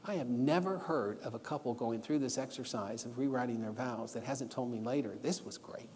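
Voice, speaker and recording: A man's voice: medium pitch, fairly quick, darkish tone, slight background noise. A middle-aged man preaching a lesson in church, telling personal stories and giving homework in an earnest, instructive way. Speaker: guest preacher. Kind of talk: sermon lesson. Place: church auditorium. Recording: long church hall reverb.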